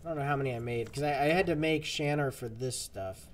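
A man's voice: mid-range voice, fast, slight background noise. Chatty male gameplay streamer. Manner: chatty, rambling, talks to viewers. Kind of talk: casual gameplay commentary.

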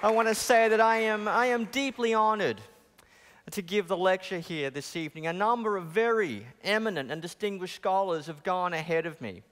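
A man from Australia with an Australian accent giving an academic lecture as guest speaker, talking quickly with a self-deprecating manner and frequent restarts. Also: high voice, fairly bright tone. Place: large chapel. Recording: long hall reverb.

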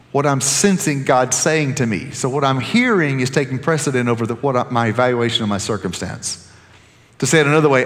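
A man preaching a sermon as pastor, animated and joking with the congregation, often restarting his sentences. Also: medium pitch, long reverb tail.

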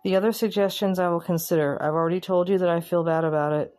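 A woman vlogger giving candid, plainspoken commentary, pausing and restarting as she thinks. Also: fairly low pitch, steady tone, a little mellow. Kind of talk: casual reflective commentary.

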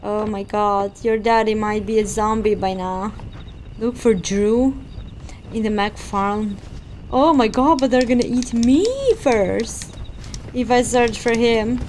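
A woman giving let's-play commentary on a horror game, jumpy and excitable, often gasping and exclaiming. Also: on the high side, slow pace, a little hiss or hum. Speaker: gaming streamer. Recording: game audio and music mixed in.

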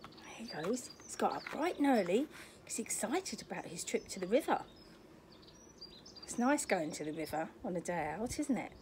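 Lively sing-song older woman reading to kids. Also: medium pitch, normal speed, a little hiss or hum. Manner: chatty, sing-song, asks the listener questions. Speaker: storyteller, grandmother persona. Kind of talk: reading a picture book aloud to children. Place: garden outdoors in sunshine. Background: faint birdsong.

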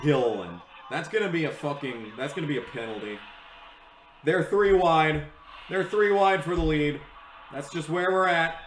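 A young man giving live reaction commentary to a race, excitable and swearing, yelling at the screen. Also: fairly high pitch, normal speed, roomy sound, rough recording.

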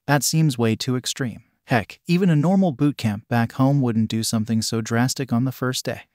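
Composed, earnest teenage boy hero in a read-aloud story, read by a man, mid-pitched and dry. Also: moderate pace, darkish tone, no echo, lightly acted. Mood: determined.

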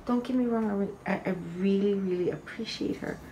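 A woman's voice: mid-range voice, a little fast, poor audio. A woman vlogger telling a rambling personal story in a casual, chatty way, full of fillers and restarts. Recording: faint background water noise. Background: loud waterfall noise.

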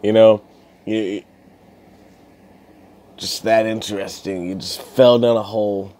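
A man's voice: lowish voice, fairly even intonation, slow pace, dark tone. A young man telling rambling stories in a casual, swearing vlog rant, laughing as he goes. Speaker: gaming YouTuber.

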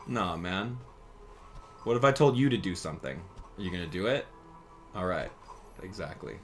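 A man's voice: deep voice, expressive, music in the background. A young man streaming a video game, teasing his chat and commenting casually as he plays. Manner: joking, teasing chat, quick mood swings. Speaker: gaming streamer.

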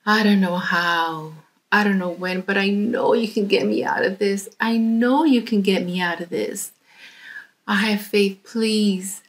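A woman's voice: medium pitch, fairly even intonation, measured pace, close to an everyday voice. A woman voicing a determined, hopeful male frog who keeps urging his friend on and prays earnestly. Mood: pleading.

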